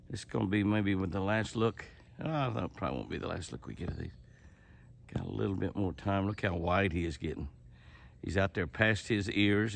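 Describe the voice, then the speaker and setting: A man's voice: deep voice, gravelly, a bit bright, slight background noise. An older man narrating casually outdoors as he films deer, folksy and chuckling, exclaiming often. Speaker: ranch owner filming his deer. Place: outdoors at a ranch house yard.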